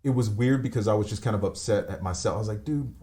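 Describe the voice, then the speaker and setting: A man on a remote call telling a painful personal story, halting, with many fillers and restarts. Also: fairly low pitch, warm tone, slight background noise. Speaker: podcast guest.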